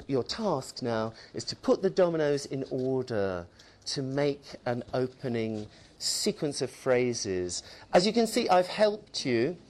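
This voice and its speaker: A man presenting to a room of teachers in a friendly, talkative way. His voice sits in a middle pitch, and he often checks in with his listeners. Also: a little mellow. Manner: chatty, tag questions. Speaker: teacher trainer. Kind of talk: workshop presentation.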